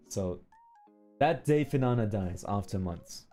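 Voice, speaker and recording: Brief: man streaming, unhurried rambling storyteller, soft mellow tone. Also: on the low side, expressive, faint music behind. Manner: rambling, checks in with "okay?" and "right?". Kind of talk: casual storytelling to chat.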